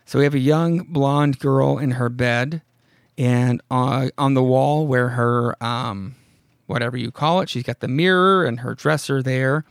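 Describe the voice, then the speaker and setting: A man's voice: mid-range voice, unhurried, creaky, dry recording, studio quality. A man hosting a podcast, recapping an old horror comic in a rambling, profane, amused way and reading its dialogue aloud. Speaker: podcast host. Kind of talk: casual comic-book recap.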